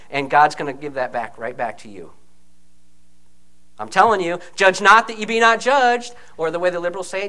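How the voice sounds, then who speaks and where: Male preacher, high and bright, lively conversational sermon delivery. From United States. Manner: animated, conversational preaching with frequent "okay?" asides.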